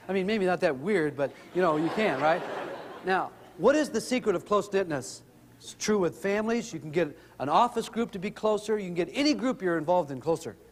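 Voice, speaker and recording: A middle-aged man telling humorous family stories in an animated way to an audience. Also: long reverb tail. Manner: animated, rises in pitch when excited. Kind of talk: humorous storytelling talk.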